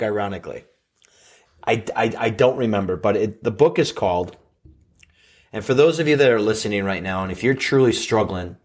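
An earnest male podcast host talks through a hard personal story at a middle pitch. He stumbles, repeats words and restarts sentences as the emotion catches up with him, then pushes on. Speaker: podcast host and life coach.

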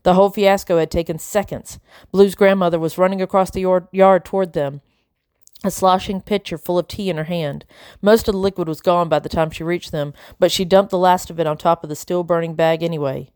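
A woman reads a chapter book aloud in an even, steady narrating voice. Her voice sits on the lower side for a woman. The recording is close and dry, with no room sound. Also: a little fast, smooth, no room sound. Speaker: audiobook narrator. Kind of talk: storybook narration.

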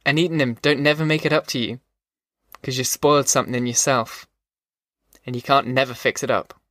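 A man's voice: medium pitch, steady tone, a little fast, fairly bright tone, no echo, clean studio sound, close to an everyday voice. A man voicing an old male army veteran who tells a haunted, folksy story around a campfire. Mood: rueful.

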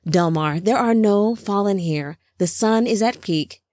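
A woman's voice: medium pitch, unhurried, a little mellow, no room sound, studio quality, close to an everyday voice. A woman voicing an impatient, headstrong male angel scout who speaks insistently, in a storybook reading. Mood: eager.

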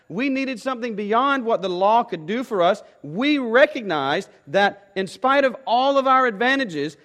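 A man's voice: very high-pitched, a bit bright. A pastor preaching a sermon to his congregation, emphatic and repeating key phrases, often asking rhetorical questions.

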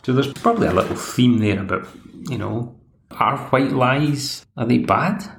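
A man's voice: mid-range voice, normal speed, gravelly, reverberant. A Scottish man hosts a podcast, recapping a TV episode in a chatty, rambling way. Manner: chatty, rambling, plays the characters' lines himself. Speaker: podcast host.

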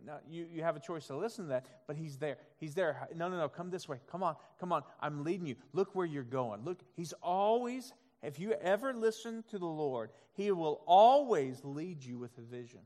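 A man preaches a sermon from the pulpit, his voice set slightly high. He drops to soft, quiet stretches and builds to loud, emphatic ones, now and then acting out God's voice. A long hall reverb trails every phrase. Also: lively intonation, moderate pace, hardly any pauses. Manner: acts out God's voice in quoted asides. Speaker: pastor.

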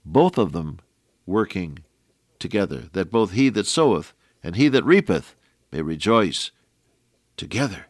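A middle-aged man preaching a folksy radio sermon, quoting scripture in an animated way. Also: low voice, measured pace, pauses often, breathy edge, no room sound, studio quality.

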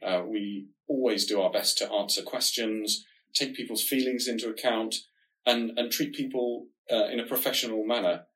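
A man with a somewhat low, nasal voice, talking things through on a podcast. He explains calmly and steadily, in a measured, reassuring tone. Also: low-quality recording. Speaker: diabetes research podcast co-host.

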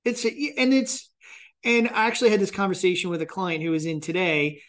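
A man in his thirties hosting a podcast interview, speaking candidly and reflectively and acting out his own thoughts in quick asides. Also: high-pitched, steady tone, a bit bright. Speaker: podcast host and financial advisor. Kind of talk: casual conversational interview.

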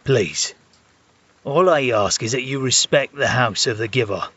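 An actor playing a polite, composed, firm monk in an audio drama. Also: male voice, mid-range voice, measured pace, fairly bright tone, breathy edge. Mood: yielding. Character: calm, dignified older male monk. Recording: dull lo-fi recording.

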